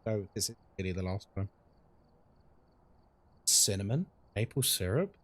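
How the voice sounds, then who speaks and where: A man's voice: fairly low pitch, expressive, unhurried, fairly bright tone. A young man streaming a ghost-hunting game live, chatting casually with his chat while he plays and reacting to what happens in the game.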